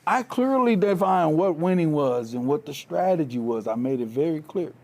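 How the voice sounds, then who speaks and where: A man with a somewhat high-pitched voice delivers a motivational talk before a live audience. He tells his stories from coaching in an animated, storytelling manner and often laughs through them. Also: moderate pace. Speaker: keynote speaker, former track coach.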